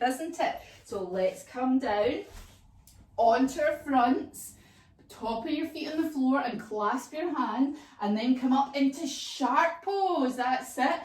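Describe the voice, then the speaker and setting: A woman teaching a children's yoga class as a story, animated and sing-song with playful sound effects. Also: fairly high pitch. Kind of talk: storytelling kids' yoga lesson. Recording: echoey room, voice from far off.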